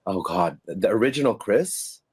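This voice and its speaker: A middle-aged former stage performer tells stories in a casual interview, laughing and animated as he acts out the voices of the people he quotes. His voice sits on the low side, slightly rough, at a normal speed.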